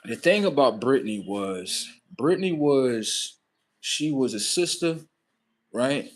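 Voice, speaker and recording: A man hosting a livestream, telling a comic story in a profane, animated way and acting out the scenes. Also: mid-range voice, slow. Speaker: livestream host. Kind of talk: comedic storytelling monologue.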